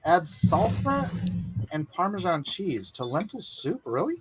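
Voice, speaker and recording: A man chats loosely on his own livestream, laughing easily as he eats. His voice sits a little high and moves around a lot. The talk is relaxed and casual throughout. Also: unhurried, faint music behind. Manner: relaxed, chatty, laughs easily while eating. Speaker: livestream host.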